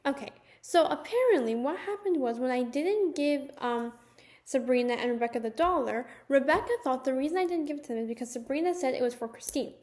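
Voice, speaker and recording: A young woman telling a personal story in a casual, animated storytime manner, with lots of "like"s. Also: high voice, fairly quick. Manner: chatty, animated storytelling with many "like"s. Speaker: vlogger.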